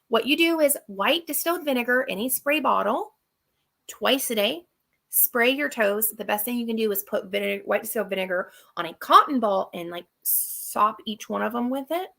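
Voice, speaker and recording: A woman's voice: a little high, animated, normal speed, creaky, sharp tone. A woman hosting a live Q&A stream and chatting casually. She gives practical tips and repeats her key points for emphasis. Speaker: channel host. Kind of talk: live Q&A chat.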